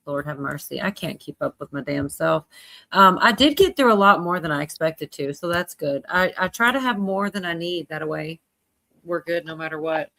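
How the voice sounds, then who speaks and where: A woman's voice: sits low, animated, moderate pace, pushed and bright. A woman hosting a casual livestream. She reads out chat comments, laughs often and swears casually. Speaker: livestream host.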